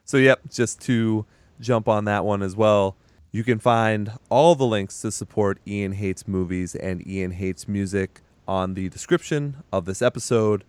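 A man's voice: fairly low pitch, unhurried, a little mellow, smooth, no room sound. A man hosting a casual podcast, joking around and laughing often with his co-hosts. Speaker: podcast host. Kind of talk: casual chat.

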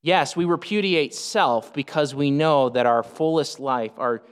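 A man preaching an expository sermon, emphatic, swinging up and down in pitch to stress his points. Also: a little slow, smooth. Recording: reverberant hall.

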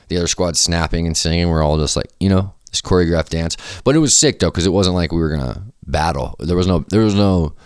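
Podcast host, young man, very low smooth voice, dry close sound, casual and profane. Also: dry recording. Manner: loose, profane, swings into animated quoted voices. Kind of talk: casual storytelling chat.

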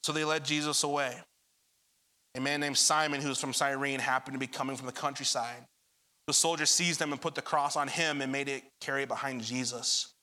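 A man's voice: mid-range voice, fairly even intonation, a little fast, bright, forceful tone. A young adult man preaching a sermon, addressing the congregation directly and retelling scripture with dramatic energy. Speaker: pastor.

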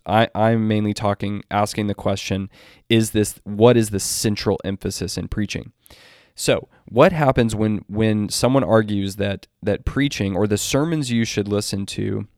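A man's voice: on the low side, darkish tone, dry recording, clean studio sound. A man giving a spoken commentary on a theology article. He reads long quotes and often restarts his sentences as he reasons aloud. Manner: deliberate, quotes text at length with restarts. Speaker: Christian commentator.

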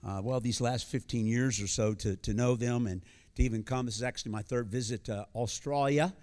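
A man's voice: mid-range voice, fairly even intonation, fairly quick, darkish tone. An American man in his sixties, a visiting pastor giving a live sermon to a congregation, talking in a folksy, joking way with many fillers and restarts. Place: church before a congregation.

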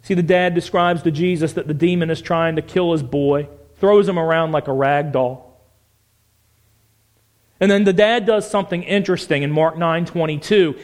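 A man's voice: a little high, moderate pace. A man preaching a sermon, passionate and emphatic, often putting questions to his listeners.

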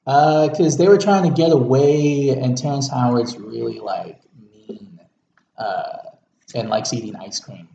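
A man's voice: medium pitch, a little slow, gravelly, warm tone. A man co-hosting a casual movie podcast, laid-back and dry, recapping plots with many fillers. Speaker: podcast co-host. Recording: echoey distant lo-fi room mic with faint hiss.

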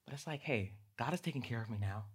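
A man in his thirties preaching a conversational sermon that builds to loud, emphatic peaks. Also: mid-range voice, animated, quick pace. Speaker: pastor.

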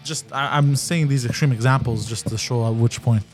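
A man's voice: medium pitch, fairly even intonation, a little fast, soft background music. Slangy casual male podcast host. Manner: loose, slangy, swears, says "bro". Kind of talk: casual live-stream chat.

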